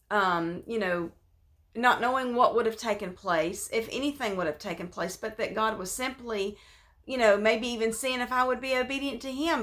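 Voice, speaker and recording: A woman with a voice on the high side gives an informal devotional talk, speaking conversationally with plenty of fillers and restarts. When she voices prayers, she drops to a soft, hushed tone.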